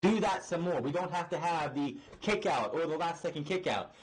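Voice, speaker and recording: The audio is poor here, with a man speaking at normal speed in a fairly high, husky, animated voice. He's a podcast host reviewing wrestling, cursing and sounding exasperated as he rants with many fillers and restarts.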